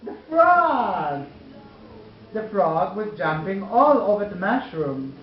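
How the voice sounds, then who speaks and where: A woman tells a story to her small child at home in a slow, coaxing voice whose pitch swings widely, stopping now and then to talk to the child. The home recording sounds roomy and muffled, with music clearly playing behind her. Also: sing-song. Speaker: parent telling a story to a child.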